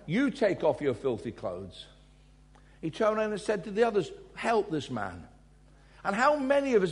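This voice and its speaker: A man from England, preaching a sermon and telling personal stories, swinging between loud emphasis and quiet asides. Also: high-pitched.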